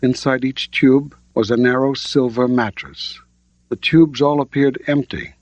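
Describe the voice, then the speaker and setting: An older man reading an audiobook in a measured, plain storytelling manner. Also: medium pitch, fairly even intonation, no echo. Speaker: audiobook narrator. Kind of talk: audiobook narration. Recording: dull lo-fi audiobook recording.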